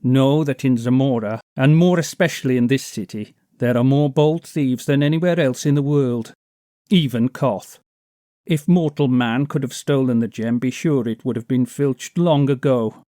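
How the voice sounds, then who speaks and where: A man reading an audiobook, voicing a fat, boastful male kidnapper who talks loudly and mocks his listener. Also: mid-range voice, moderate pace, dry recording, clean studio sound, natural voice. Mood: jeering. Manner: blustering, mocking, self-important.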